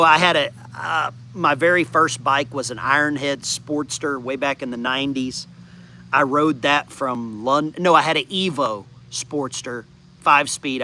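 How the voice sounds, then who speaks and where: Out in his backyard, a U.S. man in his 50s who hosts the channel wanders through replies to viewers' comments in an easygoing talk. He speaks at a medium pitch in a pushed, bright voice.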